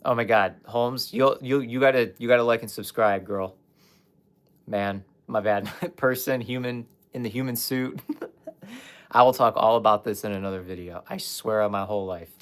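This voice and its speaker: A man's voice: on the low side, steady tone, moderate pace, a bit bright, clean tone. Candid man telling his story on a livestream. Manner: candid, emotional, swears, talks to chat. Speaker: life coach livestreamer.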